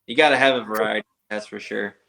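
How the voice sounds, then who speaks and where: Flat, bright-voiced racer from the eastern US. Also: male voice, lowish voice, fast, creaky. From eastern United States. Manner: laid-back and plainspoken. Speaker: motocross racer, podcast guest. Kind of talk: casual interview chat.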